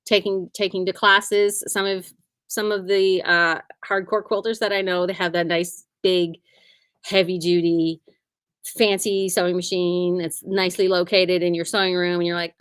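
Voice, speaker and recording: A woman's voice: lowish voice, little pitch movement, normal speed, fairly bright tone, clean tone, no room sound. Chatty upbeat woman in her shop. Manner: chatty and upbeat, hums and says "like" often. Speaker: quilting shop owner. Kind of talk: casual sales chat.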